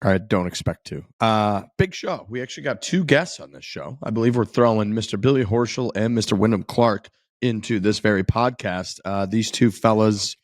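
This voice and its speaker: Laid-back low-voiced man, dry mic. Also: moderate pace, few pauses, dry recording. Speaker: podcast host. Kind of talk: casual chat and show intro.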